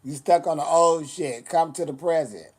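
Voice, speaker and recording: A man's voice: on the high side, moderate pace. A man chatting casually on a livestream, sassy and blunt, swearing a lot as he answers comments.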